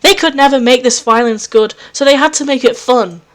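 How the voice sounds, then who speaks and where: A woman voicing an intense, scheming alien girl who talks about justice and vengeance in a low, measured way. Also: a bit bright. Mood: brooding.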